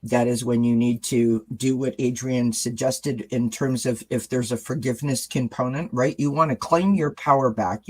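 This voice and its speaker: A man's voice: medium pitch, husky. Earnest man hosting a chat. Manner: earnest, candid, speaks to viewers directly. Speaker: channel host. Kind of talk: casual video chat.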